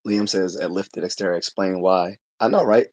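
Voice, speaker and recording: A man's voice: sits low, steady tone, moderate pace, darkish tone, no echo. A man hosting a casual livestream, reading chat comments aloud and answering them in a conversational way, laughing often and restarting his sentences.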